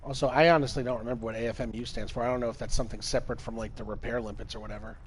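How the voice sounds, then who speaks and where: Young guy streaming a space game, swears a lot, gets worked up fast, mid pitch, bit of hiss behind him. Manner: profane, exasperated, excitable. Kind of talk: live gameplay commentary.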